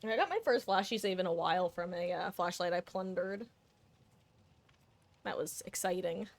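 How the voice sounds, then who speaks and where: A woman's voice: fairly low pitch, moderate pace. A young adult woman streaming a game, thinking aloud in casual commentary with self-mocking asides.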